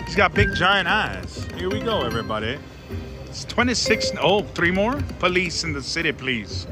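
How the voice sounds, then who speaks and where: Excitable man narrating slots in a casino. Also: fairly high pitch, moderate pace. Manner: excitable, keeps calling out to viewers and his mom, frequent "oh Lord". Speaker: casino slot vlogger. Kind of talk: casual running commentary while playing slots. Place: casino floor. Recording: casino floor with loud music. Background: slot machine music.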